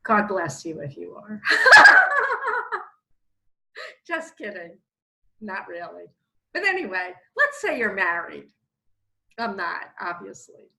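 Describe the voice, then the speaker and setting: Animated, bright-voiced woman teaching. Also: mid-range voice, a little slow, gravelly, rough recording. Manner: animated, expressive storytelling. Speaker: spiritual teacher. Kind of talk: casual spiritual talk.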